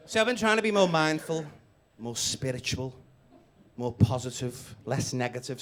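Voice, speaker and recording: A man in his late thirties with a Scouse accent, doing crude, teasing stand-up and crowd work on a comedy club stage. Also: medium pitch. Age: late 30s. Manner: brash, crude, teasing the audience. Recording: live gig with loud crowd laughter. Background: audience laughing.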